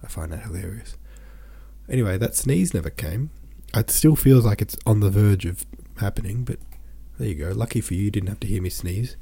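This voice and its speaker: Male podcast host, low, husky and dark, congested, loose rambling chat. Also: lively intonation, brisk. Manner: chatty, rambling asides. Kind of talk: casual chat.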